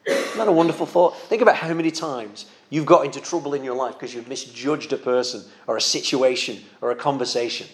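A man preaching a sermon in an earnest, gentle pastoral manner, sometimes repeating a word as he goes. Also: medium pitch, brisk.

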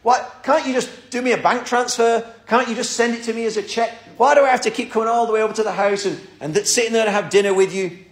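A man's voice: extremely high pitch, fairly even intonation, quick pace, few pauses, voice pushed up. A man voicing a frustrated young adult son who complains impatiently about wanting independence. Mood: exasperated. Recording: roomy echo.

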